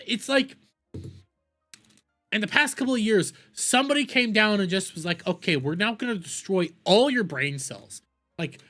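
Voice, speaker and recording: A man's voice: high voice, a bit bright. A man ranting profanely in a heated, mocking commentary as a streamer reacting to videos.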